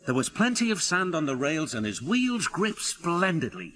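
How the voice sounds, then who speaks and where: A man narrating a children's story in a lively, expressive way. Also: fairly high pitch, moderate pace.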